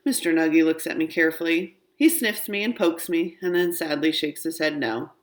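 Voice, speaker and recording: A woman's voice: low voice, normal speed, few pauses. A woman reading a children's book aloud, narrating expressively in a young girl's first-person voice. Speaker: audiobook reader.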